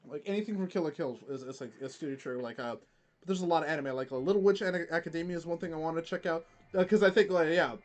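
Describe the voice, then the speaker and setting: A man streaming and chatting casually while he plays a game, rambling with lots of fillers and restarts. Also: fairly high pitch. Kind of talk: casual chat while gaming.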